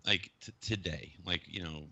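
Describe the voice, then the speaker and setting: A man's voice: low voice, fairly even intonation, moderate pace, creaky, sharp tone, dry recording. A man in casual podcast chat, rambling and swearing as he laughs at his own habits. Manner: rambling, profane, self-mocking.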